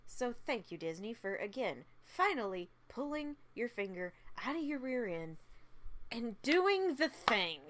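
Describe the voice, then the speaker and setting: Woman vlogger, tired, effusive, laughs a lot and repeats lines; mid pitch. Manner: gushing, repeats herself, laughs often. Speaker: vlogger reviewing a film. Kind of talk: casual unscripted review.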